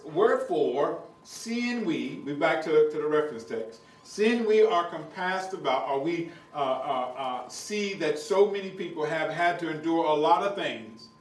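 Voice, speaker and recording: A man preaching a sermon, reading scripture slowly and then explaining it. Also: on the high side, distant mic. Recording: echoey room, mic from afar.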